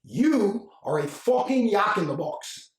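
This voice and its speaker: A man's voice: high-pitched, sing-song, pitched above the performer's own voice, full character voice. A man putting on an angry Argentine businessman. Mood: scolding. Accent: put-on Argentine Spanish accent. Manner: slow, scolding, mocking. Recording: roomy echo, mic at a distance.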